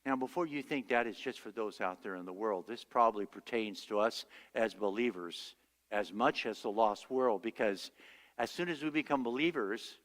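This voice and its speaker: A man's voice: lowish voice, normal speed, a bit bright, in a large hall. A male pastor preaching a sermon, telling stories and acting out the voices he quotes. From United States. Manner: storytelling, acts out quoted voices. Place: church sanctuary.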